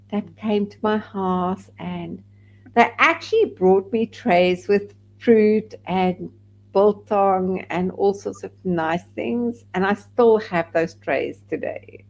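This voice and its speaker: A woman's voice: mid-range voice, gravelly, dull audio. A woman from South Africa, a podcast guest, candidly telling a personal story and acting out the people she quotes. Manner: candid, animated when quoting others.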